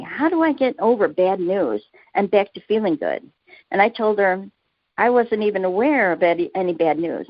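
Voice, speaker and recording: A woman's voice: medium pitch, no echo. A woman author being interviewed, talking earnestly about spiritual life and telling personal anecdotes with easy laughter. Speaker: author guest. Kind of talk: casual interview answers. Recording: dry muffled lo-fi audio.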